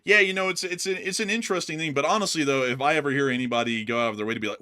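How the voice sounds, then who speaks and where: An American man co-hosting a news commentary show, chatting casually in an animated, rambling way full of filler words. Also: on the high side, rapid-fire. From United States. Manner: animated, acts out voices of fans he meets. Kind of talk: casual chat.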